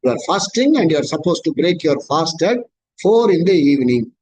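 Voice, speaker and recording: A middle-aged man with an Indian accent teaching scripture in a conversational way, slowly chanting Sanskrit verses between everyday examples. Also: on the high side, big pitch swings, a little mellow, slightly rough, low-quality recording. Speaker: spiritual teacher. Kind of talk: scripture class talk.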